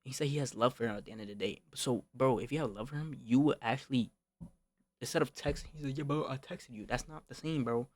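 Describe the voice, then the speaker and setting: A man's voice: mid-range voice, quick pace, a little mellow, dry recording. Young man ranting in a slangy storytime. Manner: slangy, repeats himself, swears, calls the listener bro; rising to heated outbursts. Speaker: streamer. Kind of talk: casual storytime rant.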